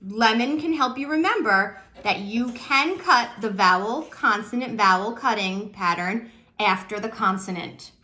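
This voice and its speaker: Lady teacher doing a phonics lesson for kids, unhurried, lots of questions, kinda high voice. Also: pushed and bright. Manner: slow, patient, encouraging questions.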